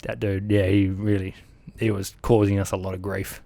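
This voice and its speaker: A man in his thirties with an Australian accent tells his war stories in an interview. His voice sits a little low and is recorded close and dry. He is animated, acting out gunfire and quotes along the way. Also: normal speed, gravelly, no echo. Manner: animated, acts out sounds and quotes, laughs through the telling. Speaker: army veteran guest. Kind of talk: interview storytelling.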